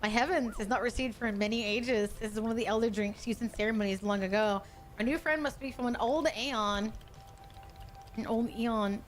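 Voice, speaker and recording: A woman's voice: a little high, slight background noise, natural voice. A woman doing an earnest formal shopkeeper man.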